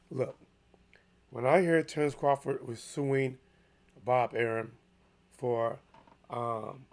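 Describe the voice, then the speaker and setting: A man hosting a casual solo sports commentary, chatty and animated with lots of restarts, his voice a little hoarse. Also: on the high side. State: slightly hoarse.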